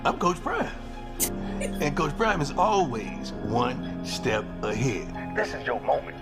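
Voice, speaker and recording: A man doing a boastful football coach, talking in a swaggering, playful way. His voice swoops wildly up and down and has a gravelly edge. Loud music plays behind him in the promo clip. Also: on the high side, sing-song, slow pace, exaggerated voice. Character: boastful male football coach playing a phone prank.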